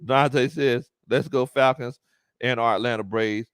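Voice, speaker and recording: A man's voice: mid-range voice, fairly even intonation, measured pace, fairly bright tone, smooth, no room sound, studio quality. A man hosting a casual live-stream sports chat, reading viewer comments aloud and laughing often. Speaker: sports talk show host.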